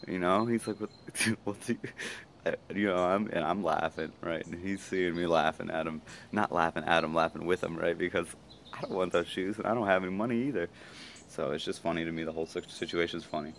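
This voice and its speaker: A man talking casually to his camera, rambling fast with many fillers and asides. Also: low-pitched, fairly even intonation, creaky, a little hiss or hum. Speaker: vlogger. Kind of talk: casual reflective monologue.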